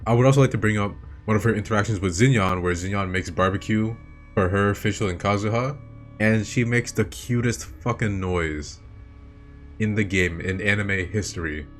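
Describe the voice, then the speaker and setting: Excitable swearing young guy. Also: fairly low pitch, moderate pace, a little hiss or hum. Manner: enthusiastic, swears often, repeats himself. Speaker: video host. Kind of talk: casual commentary. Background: faint game music.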